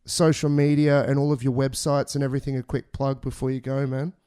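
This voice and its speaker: A man's voice: mid-range voice, level tone, a little fast, mellow, clear, resonant tone. An Australian man hosting a podcast, chatting casually with crude, joking banter and plenty of swearing. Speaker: podcast host.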